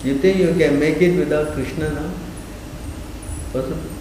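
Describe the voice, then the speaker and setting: A man's voice: fairly high pitch, steady tone, moderate pace, mellow. A man giving a scripture class lecture, prodding his listeners with repeated questions. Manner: questioning, repeatedly asks the audience to answer. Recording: echoey room, faint noise.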